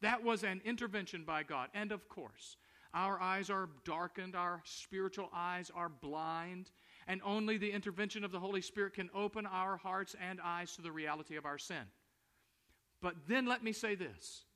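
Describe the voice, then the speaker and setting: A man preaching a sermon in a high, bright voice. He reads the scripture aloud and hammers his points home by repeating them, and he slows right down on the words that matter. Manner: preaching with emphatic repetition and dramatic slowdowns. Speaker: pastor.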